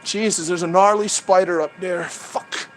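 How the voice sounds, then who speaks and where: A man's voice: high-pitched, lively intonation, moderate pace, over music. A man hosting a livestream outdoors among trees, talking through a head-mounted camera in a profane, heated, rambling rant. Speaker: livestream host.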